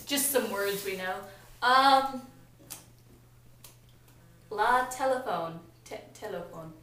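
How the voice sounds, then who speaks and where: A woman's voice: mid-range voice, animated, takes it slowly, fairly bright tone, a little hiss or hum. A young American woman vlogging in a casual, rambling, giggly way with lots of fillers. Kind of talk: casual chat to camera. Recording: echoey room, mic at a distance.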